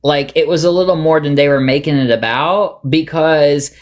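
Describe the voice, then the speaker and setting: A man hosting a casual livestream, rambling through gossip and getting animated as he retells online drama. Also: fairly high pitch, moderate pace. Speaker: livestream host.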